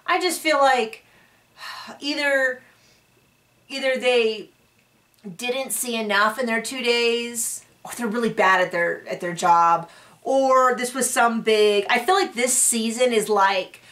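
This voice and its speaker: A woman's voice: on the high side, slow, fairly bright tone, far from the mic. A young woman recapping a reality TV episode in casual commentary, sarcastic and exasperated, now and then mocking people in put-on voices. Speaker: recap reviewer.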